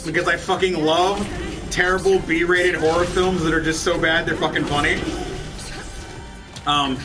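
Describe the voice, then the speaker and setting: Brief: fairly high-voiced guy, sits back from the mic, cussing gamer rant. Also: little pitch movement, unhurried. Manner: profane, ranting, laughs often. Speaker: let's play host. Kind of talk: casual gameplay commentary chatting with viewers. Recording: distant mic with game music behind.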